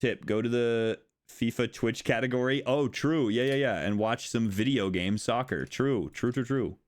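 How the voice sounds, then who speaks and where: A young American man chatting on a live stream in a loose, rambling way. He gets excited, swears freely and breaks into laughs. His voice sits at an ordinary middle pitch for a man. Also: normal speed. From United States. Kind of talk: casual chat with chat.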